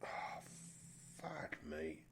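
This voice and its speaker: A man co-hosting a podcast in casual chat, stammering and swearing as he interrupts. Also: drawn-out words. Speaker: podcast co-host.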